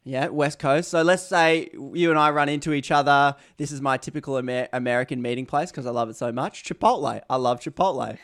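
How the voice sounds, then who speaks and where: A man's voice: mid-range voice, a little fast, few pauses, fairly bright tone. A young Australian man hosting an interview podcast, rambling and joking at his own expense. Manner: rambling, self-mocking, jokey asides. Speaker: podcast host. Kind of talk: casual interview chat.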